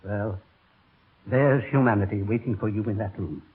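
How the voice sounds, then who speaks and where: An actor playing an anxious family doctor who pleads urgently, in a 1930s radio drama. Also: male voice, on the low side, normal speed, slightly rough. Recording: tinny old radio broadcast.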